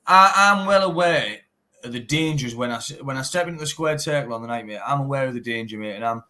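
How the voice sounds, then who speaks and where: A man's voice: medium pitch, fast talker, sharp tone. Blunt Teesside man, says mate constantly. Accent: Teesside English. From England. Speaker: bare knuckle fighter. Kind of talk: casual interview chat.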